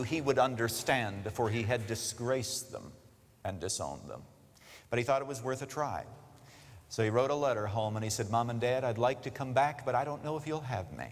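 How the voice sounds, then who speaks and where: A man preaches in a big, echoing sanctuary, his voice rising and falling in lively swings. He tells his stories with a lot of expression, acting out the characters' lines before pressing his point home to the congregation. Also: mid-range voice. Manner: expressive storytelling, voicing characters, urging listeners. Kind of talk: sermon. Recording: long reverb of a large hall.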